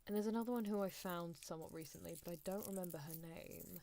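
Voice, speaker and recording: Soft-spoken rambling woman. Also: fairly low pitch, fast, vocal fry, slight background noise. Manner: rambling, giggly, self-deprecating. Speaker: ASMR streamer.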